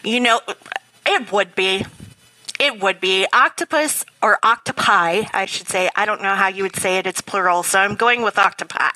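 A woman's voice: medium pitch, normal speed, bright, forceful tone, no echo, low-quality recording. A tired, slap-happy woman co-hosting a casual podcast chat, laughing often. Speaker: podcast co-host.

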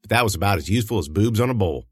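Lively man narrating a folksy story. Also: lowish voice, very fast, husky, dry recording, clean studio sound. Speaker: audiobook narrator. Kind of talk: first-person scripted narration.

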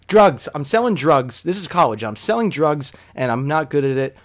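A man telling a comic personal story in a self-deprecating way, swearing casually and swinging between hushed asides and loud outbursts. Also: on the high side, animated, a little fast.

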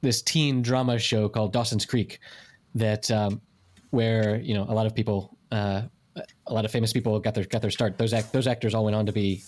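A man's voice: lowish voice, little pitch movement, fairly quick, a little mellow. A man in his forties, hosting a casual podcast chat and rambling with many restarts.

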